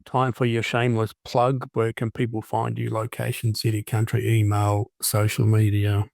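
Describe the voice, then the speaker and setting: A man's voice: lowish voice, monotone, normal speed, creaky, a little mellow, no room sound, clean studio sound. A man hosting a podcast interview, joking and telling long anecdotes in casual chat. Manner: jokey, tells long anecdotes. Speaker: podcast host.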